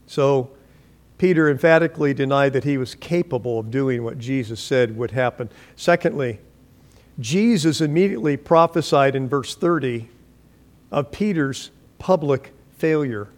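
A man preaching a sermon, reading scripture and acting out voices with animated delivery and frequent restarts. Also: medium pitch, normal speed. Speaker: pastor.

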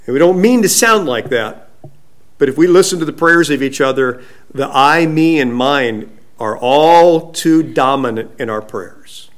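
Slow, emphatic male preacher. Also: fairly high pitch, expressive. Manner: slow, emphatic preaching that drops to a soft hush. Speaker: pastor. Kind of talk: sermon.

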